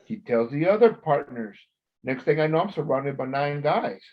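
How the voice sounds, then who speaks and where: A man telling blunt, profane stories in a casual podcast chat, growing loud when he quotes himself. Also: a little high, animated, moderate pace, dull audio. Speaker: former corrections officer, co-host.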